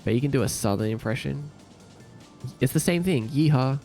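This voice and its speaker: A man's voice: medium pitch, animated, brisk, creaky, darkish tone, faint music behind. A young Australian man with an Australian accent, casually chatting on a live stream and joking around with silly impressions. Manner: laid-back, jokey, trying silly impressions. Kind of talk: casual live-stream chat reading comments.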